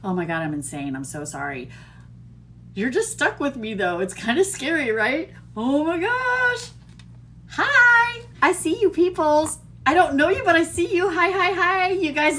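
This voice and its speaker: A woman's voice: sits high, expressive, normal speed, bright, forceful tone, a little hiss or hum. Bubbly, giddy woman in her fifties. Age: 50s. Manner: bubbly and giddy, laughs often, self-mocking. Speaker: TikTok livestream host. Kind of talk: casual livestream chat to viewers.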